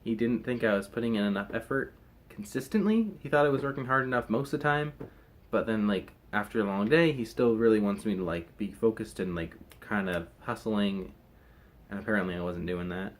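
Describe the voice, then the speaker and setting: A man's voice: on the low side, fairly quick. A young man chatting casually to camera in a rambling, hesitant way, full of fillers and restarts. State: recovering from wisdom teeth removal. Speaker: vlogger.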